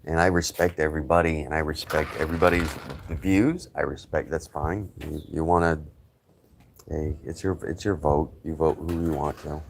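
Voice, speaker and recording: A man's voice: very deep voice, fairly even intonation, normal speed, creaky, slight background noise. A middle-aged man hosting a casual livestream, rambling chattily and greeting viewers by name. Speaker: livestream host.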